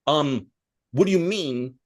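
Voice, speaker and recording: A man's voice: fairly high pitch, animated, slow pace. Heated, profane man ranting on a podcast. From Italian-American. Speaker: podcast co-host. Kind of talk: casual chat.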